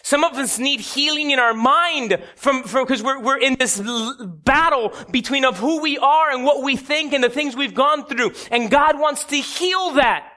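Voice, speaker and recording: Male preacher, high, lively voice, unhurried and bright, dramatic sermon delivery. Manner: dramatic, preachy storytelling with rising emphasis.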